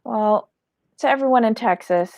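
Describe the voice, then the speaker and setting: A woman's voice: a little high, normal speed, darkish tone, dry recording. A woman hosting a casual commentary chat about a reality show, reading the live chat aloud. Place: in Florida.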